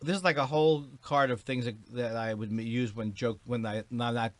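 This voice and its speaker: A middle-aged man from New York with a New York accent, a comedian rambling and joking about himself in a podcast chat, sometimes jumping into loud high bits. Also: fairly even intonation, brisk, no room sound. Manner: rambling, self-mocking, bursts into shouted high-pitched bits. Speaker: comedian guest.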